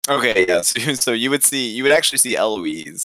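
A man running a tabletop role-playing game as game master, describing scenes and asking the players questions in a relaxed way. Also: medium pitch, fairly quick, no room sound, rough recording.

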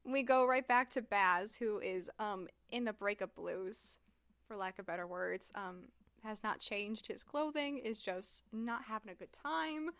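A woman's voice: mid-range voice, a little slow, a bit bright, no echo, clean studio sound. A woman recapping a book in casual podcast chat, talking loosely with lots of "like" and "um.". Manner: chatty, heavy use of "like" and "um". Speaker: podcast co-host discussing a book.

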